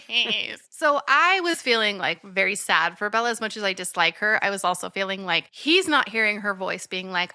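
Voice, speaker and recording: Bright-voiced woman recapping with laughs. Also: fairly high pitch, normal speed, few pauses, no room sound. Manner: laughing, animated movie recap. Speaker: podcast co-host. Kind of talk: casual chat.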